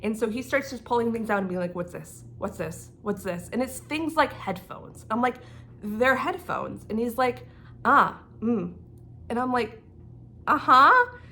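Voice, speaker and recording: A young woman from Canada telling an animated storytime as a knitting vlogger, laughing as she goes and acting out the dialogue. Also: a little high, normal speed, a little hiss or hum. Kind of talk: casual storytime.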